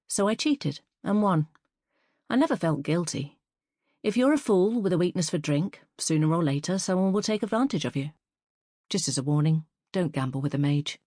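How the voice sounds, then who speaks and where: A woman narrating a first-person fantasy story as an audiobook reader, in a measured, even storytelling manner. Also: deep voice, no echo, clean studio sound.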